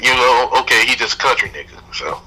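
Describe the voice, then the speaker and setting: A man's voice: mid-range voice, expressive, quick pace, pushed and bright, slight background noise, rough recording. A man from Georgia with a Southern accent, co-hosting a podcast in loose, laughing, slangy banter. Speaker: podcast co-host. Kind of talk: casual chat.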